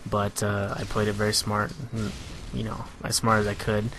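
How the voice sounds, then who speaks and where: A man giving a relaxed, analytical voice-over on his own competitive match, filling pauses with "you know". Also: on the low side, a little hiss or hum. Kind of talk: gameplay commentary voice-over.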